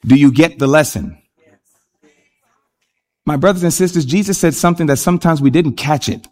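A man preaching a sermon, animated and speaking directly to the congregation. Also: a little high, normal speed.

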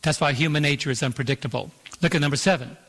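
A man preaching a sermon as pastor, emphatic, slowing down for scripture and calling for "Amen" from the congregation. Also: fairly high pitch, fairly bright tone. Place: church auditorium. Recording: long hall reverb in an auditorium.

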